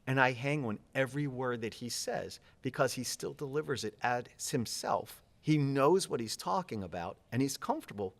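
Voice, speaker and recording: A man giving interview answers as a public speaking coach, energetic and fast-talking, gesturing as he speaks. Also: mid-range voice, gravelly.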